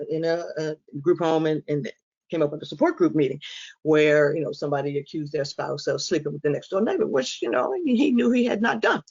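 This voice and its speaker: A woman giving a frank, humorous talk to an audience, telling lively stories and acting out the lines people said. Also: low voice, dull audio. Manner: lively storyteller who acts out quoted lines. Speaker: inspirational speaker on dementia caregiving. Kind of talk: presentation to a support audience.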